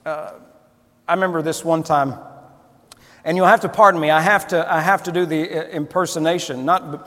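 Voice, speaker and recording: A man's voice: a little high, steady tone, a little fast, a bit bright, long reverb tail. A male pastor preaching a sermon in a conversational, storytelling manner with frequent restarts.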